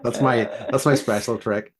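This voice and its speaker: A man's voice: medium pitch, steady tone, normal speed, a crowd in the background. A man, co-hosting a podcast in loose, rambling casual chat and laughing easily. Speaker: podcast co-host.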